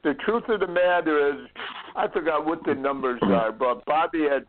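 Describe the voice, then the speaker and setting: An earnest tennis coach speaks haltingly and often breaks off to restart his words. His voice sits a little high and comes through a tinny, phone-like line. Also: slight background noise. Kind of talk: casual conversation.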